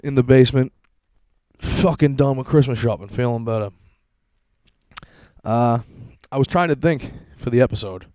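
A man's voice: mid-range voice, normal speed, dark tone, dry recording. A man in his thirties hosting a solo podcast from his basement, rambling through stories in a profane, self-mocking way. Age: 30s. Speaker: podcast host. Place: basement at home.

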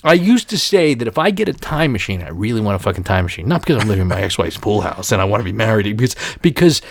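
A middle-aged man telling stories in casual chat, profane and animated, ranting in exaggerated voices. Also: fairly low pitch, fast, gravelly.

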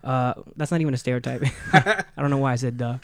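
Smooth-voiced man telling wild stories. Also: mid-range voice, fast talker. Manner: profane storytelling, acts out quotes loudly. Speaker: podcast co-host. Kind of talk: casual podcast chat. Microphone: studio mic in apartment.

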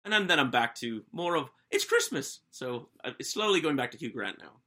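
A man voicing a young British man in a jokey, deliberately bad British accent, retelling a wild night in the first person. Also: medium pitch, sing-song, bright, forceful tone, pitched below the performer's own voice. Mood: playful. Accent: bad put-on British. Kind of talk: comedic first-person plot recap.

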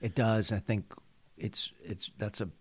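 A man's voice: on the low side, fairly even intonation, a little slow, breathy edge. A man hosting an interview podcast, speaking thoughtfully and hesitantly, searching for words as he reflects. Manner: thoughtful, hesitant, many fillers and restarts. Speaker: host, school superintendent.

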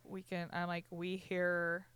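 A woman's voice: on the low side, monotone, takes it slowly, clear, resonant tone, no room sound. Heated, profane young woman podcaster. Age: 20s. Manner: profane, heated storytelling with bursts of loud emphasis. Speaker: podcast co-host. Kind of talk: casual chat.

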